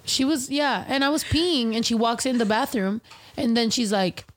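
Female co-host, higher register, animated storyteller with a foul mouth. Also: moderate pace, noisy background. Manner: animated storyteller, swears freely, acts out quotes. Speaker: podcast co-host. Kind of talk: casual chat.

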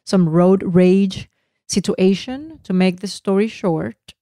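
A woman co-hosting a casual chat, talkative and quick to laugh. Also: medium pitch, mellow, no room sound, clean studio sound. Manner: chatty, laughs easily, self-deprecating. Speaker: podcast co-host.

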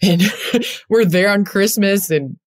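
A woman's voice: deep voice, moderate pace, a little mellow. A woman talking as an interview guest, a basketball player speaking earnestly and reflectively with many fillers. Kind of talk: heartfelt conversational interview.

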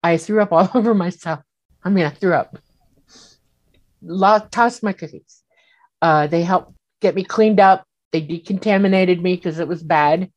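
A woman telling a personal story in casual speech, animated and acting out the voices she quotes, with many fillers. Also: lowish voice, measured pace, muffled recording. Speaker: guest recounting an experience.

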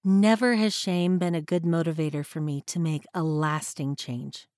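A woman hosting a reflective faith-based podcast, speaking in a measured, earnest way and slowing down to read scripture. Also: low voice, steady tone, darkish tone, no echo, clean studio sound. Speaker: podcast host.

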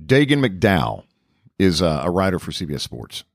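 Very deep-voiced wry male co-host. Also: normal speed, no room sound, studio quality. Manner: wry, teasing, deadpan jokes. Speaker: radio co-host. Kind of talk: casual chat.

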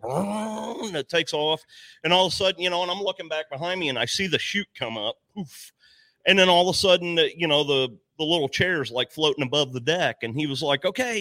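A man's voice: on the high side, no echo. A man telling a story in casual podcast chat, swearing freely and acting out the dialogue. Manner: profane, animated storyteller who acts out the dialogue.

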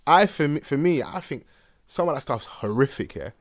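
A man's voice: a little high, lively intonation, normal speed, dry recording, studio quality. A man talking in a casual chat, thoughtful and questioning, hedging with many fillers.

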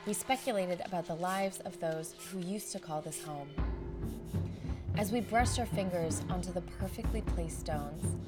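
A woman podcast host narrating a travel story in a reflective, vivid scripted style. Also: fairly low pitch.

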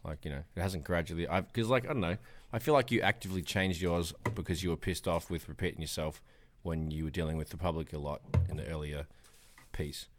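A man's voice: low-pitched, brisk, a little hiss or hum. A man with a strong Australian accent, joining a casual podcast chat over a video call, blunt and laid-back with frequent swearing.

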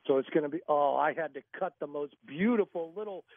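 A man's voice: a little high, brisk, no echo. A man, an author and radio guest, telling a story animatedly and acting out other people's lines. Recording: tinny phone line, dry.

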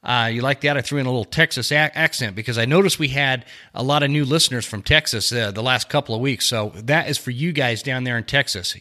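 A man hosting his own podcast in casual chat, rambling along with lots of fillers and quick self-corrections from a small home studio. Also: mid-range voice, bright, forceful tone. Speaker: podcast host.

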